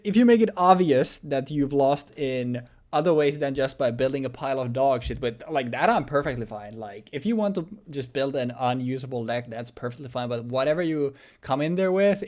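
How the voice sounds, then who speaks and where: A man's voice: medium pitch, brisk, hardly any pauses, a little mellow. A young man co-hosting a casual chat about a card game, loose and joking, full of fillers and swearing. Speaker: co-host.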